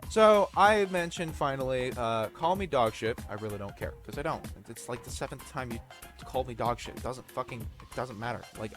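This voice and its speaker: A man's voice: medium pitch, fairly bright tone. A man commenting over gameplay footage, ranting bluntly, swearing freely and explaining himself at length. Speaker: gaming video creator.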